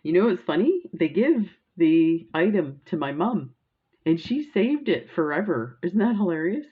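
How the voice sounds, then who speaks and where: Low-voiced chatty woman, dull recording. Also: sing-song, a little slow, breathy edge. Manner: rambling, chatty storytelling with laughs and gushing. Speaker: crafting vlogger. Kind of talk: casual chat while showing beads.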